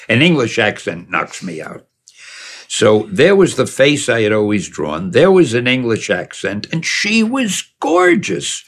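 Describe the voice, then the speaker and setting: Gravelly older man rambling through memories. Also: on the low side, a bit bright. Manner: rambling, digressive, chuckling. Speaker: storyteller recalling his past. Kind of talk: casual spoken reminiscence.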